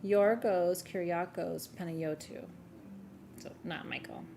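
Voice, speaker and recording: A woman's voice: on the low side, moderate pace, gravelly, noisy background. A woman hosting a live gem sale stream, chatting casually and gushing, sometimes swearing and laughing.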